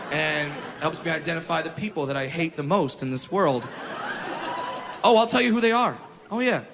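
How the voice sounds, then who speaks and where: A high-voiced male comedian performs a stand-up routine, loud and profane, often breaking into shouted rants. His voice rings through a long hall reverb, with audience noise clearly heard behind him. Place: comedy stage with a live audience. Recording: echoey hall with crowd noise.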